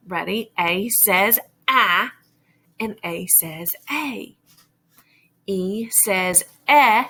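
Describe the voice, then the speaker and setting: A woman teaching a phonics lesson to little children, drawing out each letter sound with care. Her voice is bright and forward, and she takes her time between words. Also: medium pitch. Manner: slow, exaggerated sounding-out of letters.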